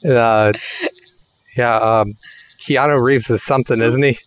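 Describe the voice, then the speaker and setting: A man's voice: medium pitch, steady tone, unhurried, clear, resonant tone, low-quality recording. Laid-back joking man. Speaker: player in a tabletop game. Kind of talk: casual chat.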